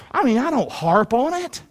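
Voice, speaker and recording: Male pastor, high animated delivery, preaching in a reverberant church hall; swings loud to soft. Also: a little slow, a little hiss or hum. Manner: animated preaching, swinging between loud shouts and low quiet asides. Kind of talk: sermon.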